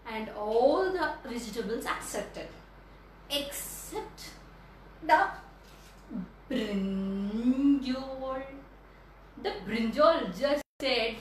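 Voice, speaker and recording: A woman storyteller narrating a children's story in an animated, playful way, with an Indian English accent. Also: fairly high pitch, extremely slow, pauses often. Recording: echoey room from a distance.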